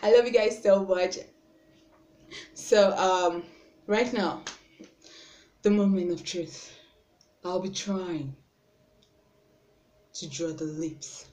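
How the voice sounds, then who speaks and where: Slow-talking Nigerian woman in an echoey room. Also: on the low side. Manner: chatty and self-conscious, often trailing off softly. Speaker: beauty vlogger. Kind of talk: casual makeup tutorial chat. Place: room at home. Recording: roomy with faint background noise.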